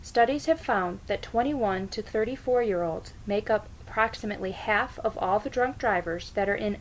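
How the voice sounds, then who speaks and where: A woman gives a prepared persuasive speech in a mid-pitched voice. She reads out figures and claims in a measured, even way. A faint hiss sits under the recording. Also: low-quality recording. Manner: measured, reads out statistics evenly. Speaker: student speaker.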